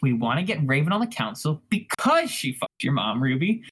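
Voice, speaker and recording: A woman's voice: extremely low pitch, big pitch swings, fairly quick, slightly rough, voice pushed down, full character voice. A woman voicing a bossy young woman who chairs a meeting in an officious, chirpy manner.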